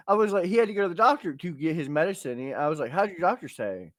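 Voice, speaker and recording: A man's voice: on the high side, expressive, quick pace, a bit bright, dry recording, studio quality. A man in his thirties hosting a podcast, telling crude, punchy stories in casual chat. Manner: crude, storytelling with punchy asides. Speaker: podcast host.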